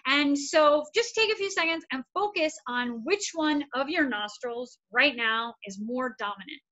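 A woman's voice: high voice, lively intonation, unhurried, pushed and bright, lo-fi sound. A woman therapist giving a casual, upbeat wellness workshop, encouraging and repetitive. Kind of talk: casual instructional talk.

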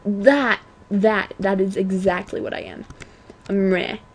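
A teenage girl at home giving chatty, self-mocking commentary on a video game, often apologizing and breaking into excited outbursts. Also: mid-range voice, a little slow, a little hiss or hum. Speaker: let's play gamer. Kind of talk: casual gameplay commentary.

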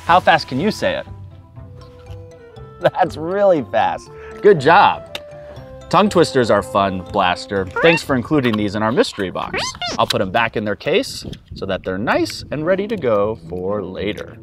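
A man hosting a children's educational show, talking to young viewers in an excited, exaggerated way. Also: mid-range voice, normal speed, music in the background. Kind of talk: upbeat kids' educational presenting.

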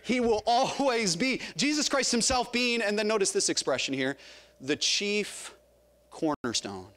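A man with a Southern US accent preaching a sermon as pastor, asking the congregation questions and calling on members by name, rising to loud calls and dropping low. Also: lively intonation, unhurried. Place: church sanctuary.

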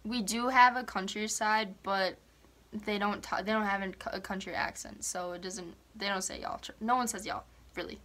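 Young Minnesotan woman guest, chatty and giggly, bright clear tone. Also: mid-range voice, steady tone, normal speed. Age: young adult. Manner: giggly, chatty, laughs often. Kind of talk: casual chat.

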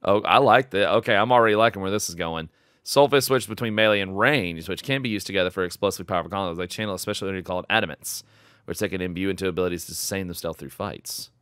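A young man hosting a reaction video, excitedly shouting, swearing and laughing as he watches. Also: deep voice, fast talker, clear, resonant tone, no room sound, studio quality.

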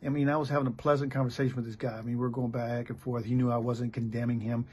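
A man's voice: mid-range voice, little pitch movement, fast, a little mellow. A middle-aged American man preaching a blunt, candid sermon as a pastor. He talks plainly and often restarts his sentences. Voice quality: gravelly and very raspy. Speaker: pastor and missionary.

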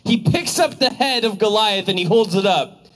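A man's voice: high voice, animated, normal speed, fairly bright tone, low-quality recording. A young man preaching as an evangelist, telling a vision and a Bible story with fervent energy and casual fillers. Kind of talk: preaching a sermon.

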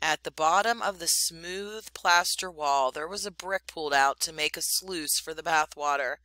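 A woman teacher narrates a story aloud in an expressive, animated way. Her voice is bright and clear, and it sounds close and dry. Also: deep voice, dry recording, poor audio.

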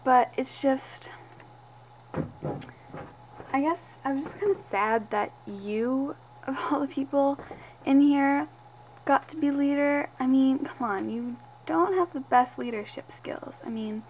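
A woman voicing a sheepish girl who talks softly and hesitantly, in amateur doll-video voice acting. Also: sits high, slow pace, long pauses, a little hiss or hum. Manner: soft, hesitant and apologetic. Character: girl Ashley, sheepish former rival.

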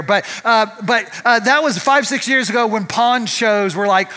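A man preaches a sermon in a high, bright, forceful voice. He keeps it conversational and often tosses rhetorical questions back at the congregation. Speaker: pastor. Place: church.

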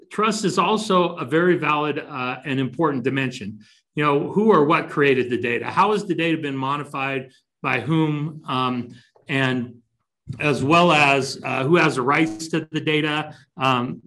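A man presenting a business webinar, measured and deliberate, shifting his stress to make points. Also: a little high, sharp tone. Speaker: company chief executive presenting a webinar.

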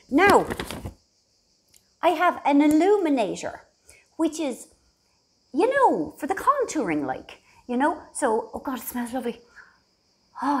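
A middle-aged Irish woman chatting casually to her phone camera from a holiday house, rambling and self-deprecating. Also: on the high side. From Ireland. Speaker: vlogger.

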